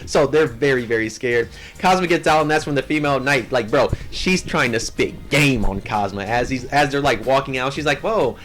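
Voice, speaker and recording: A young man hosting an anime channel, recapping a story in a casual, slangy, animated way, full of "like" and "yo.". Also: mid-range voice, normal speed, few pauses, faint music behind.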